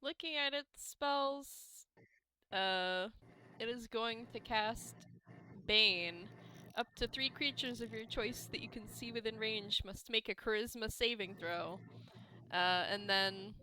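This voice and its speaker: A woman's voice: fairly high pitch, slow, bright, forceful tone. A woman playing a tabletop game who reads the rules aloud and laughs easily. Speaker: player.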